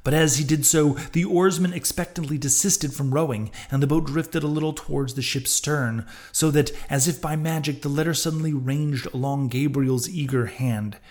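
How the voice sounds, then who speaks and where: A man hosting a podcast, reading a classic novel aloud in measured, steady audiobook narration. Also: on the high side. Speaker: podcast reader and host.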